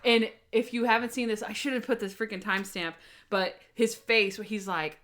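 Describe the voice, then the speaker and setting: A young woman co-hosting a podcast in casual chat, animated and acting out scenes in quoted voices. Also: a little high, normal speed. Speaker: podcast co-host.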